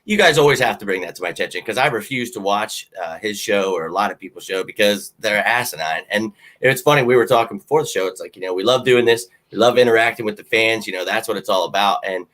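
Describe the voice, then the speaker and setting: A man hosting a casual sports talk show, animated and jokey. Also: fairly low pitch, fast talker, hardly any pauses. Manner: animated, jokey fan banter. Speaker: podcast host.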